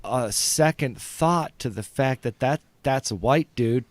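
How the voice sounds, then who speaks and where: A man's voice: medium pitch, measured pace, no room sound. A man who hosts and does stand-up, chatting casually and animatedly with lots of fillers. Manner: animated, rambling, with many fillers. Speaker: podcast host and stand-up comic. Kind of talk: casual comedic chat.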